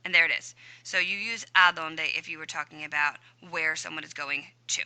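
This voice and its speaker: Woman, Spanish teacher, bright forceful voice, slightly low, chatty screen-share lesson. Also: fairly even intonation, fairly quick, clear, resonant tone. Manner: upbeat, chatty, talks to herself while typing.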